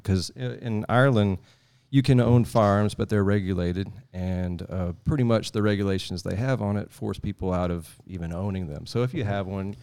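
Podcast guest, low voice, rambling folksy storyteller. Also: male voice, normal speed, hardly any pauses, a little mellow, clean tone. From Texas. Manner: rambling, folksy, chuckling asides. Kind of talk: casual storytelling.

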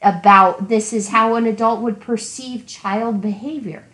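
Woman ranting about a book, slightly high voice, echoey room, very animated. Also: measured pace. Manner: animated ranting, acting out her younger self. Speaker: podcast co-host. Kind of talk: casual book discussion.

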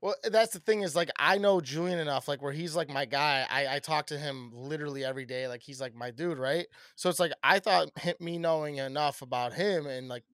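A young man co-hosting a podcast, telling a story in an animated way with lots of swearing. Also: on the high side, brisk, hardly any pauses, dry recording, clean studio sound. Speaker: podcast co-host. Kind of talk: casual chat.

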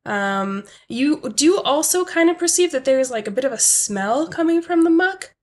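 A woman's voice: sits high, animated, moderate pace. A woman game master narrating a comedy tabletop game, casual and hesitant with lots of ums.

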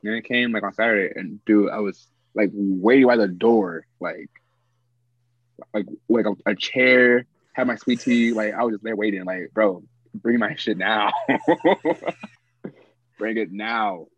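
A man's voice: lowish voice, measured pace, breathy edge, dry recording. Laid-back young man, dull dry sound. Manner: laid-back, slangy, teasing storytelling with lots of fillers. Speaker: podcast guest. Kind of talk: casual chat between friends.

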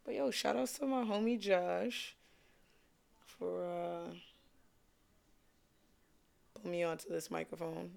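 A young man with a New York accent rambles through a casual solo podcast, loose and slangy. He talks in an unhurried, drawn-out way. His voice carries a rough, gravelly fry. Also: sits high, steady tone, darkish tone. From Brooklyn, New York. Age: young adult. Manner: laid-back, slangy and rambling. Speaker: podcast host.

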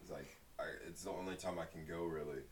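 A man's voice: extremely low pitch, fairly even intonation, fast. A young man from Brooklyn, a podcast guest, telling stories in a laid-back, laughing way. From Brooklyn, USA. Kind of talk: casual chat. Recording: distant mic with faint hiss.

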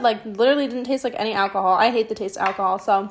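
A young woman with a slightly high voice talks through her own stories on a podcast. Her delivery is loose and animated, full of "like", casual swearing and a conversational, unscripted flow. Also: very fast. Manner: chatty and animated, with frequent "like", swearing and laughter. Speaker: podcast host. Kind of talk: casual storytelling monologue.

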